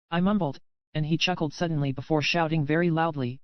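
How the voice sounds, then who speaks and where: A man narrating a dark romance audiobook in the first person, reading in an even, unhurried way. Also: on the high side, smooth, dry recording, dull audio.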